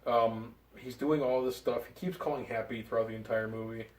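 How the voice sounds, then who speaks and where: Excited young guy reviewing a movie, roomy. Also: medium pitch, a little fast, recorded from a distance. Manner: excited, rambling with fillers and laughs. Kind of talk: casual chat. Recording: roomy, from off the mic.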